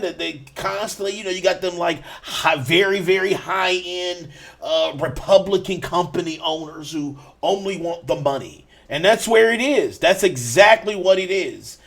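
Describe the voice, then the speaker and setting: Guy hosting a gaming podcast, kinda high voice, ranting, keeps restarting sentences. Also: a little slow, vocal fry, a bit bright. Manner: blunt, repetitive, restarts often. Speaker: podcast host. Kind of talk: casual gaming podcast chat.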